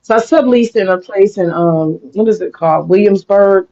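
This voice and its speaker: A former teacher telling stories in a casual livestream chat, mimicking loud voices as he or she goes. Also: mid-range voice, normal speed. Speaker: guest on live panel. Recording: dull lo-fi stream audio.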